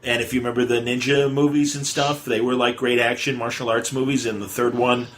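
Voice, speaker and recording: A man's voice: mid-range voice, little pitch movement, fairly quick, fairly bright tone. A man hosting a podcast in casual chat, meandering through film talk with plenty of restarts. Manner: meandering, lots of fillers and restarts. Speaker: podcast host.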